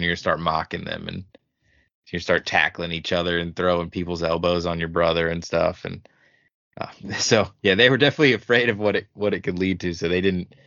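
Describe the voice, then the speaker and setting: A man's voice: low voice, creaky, a bit bright, dry recording. A man chatting casually as a podcast guest, telling rambling stories in a laid-back way. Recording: slightly muffled dry podcast recording.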